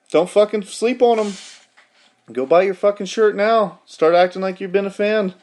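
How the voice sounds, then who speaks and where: A man's voice: high-pitched, lively intonation, normal speed, darkish tone. A young man hosting a podcast, rattling off hockey scores in a profane, rambling, mock-outraged casual rundown. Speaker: podcast host.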